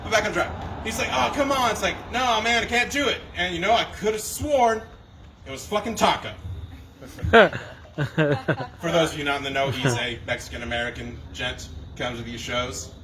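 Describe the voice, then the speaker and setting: A man's voice: medium pitch, normal speed, long pauses. A young man performing a stand-up set, telling conversational, self-deprecating stories. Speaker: stand-up comedian. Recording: distant mic with loud background noise.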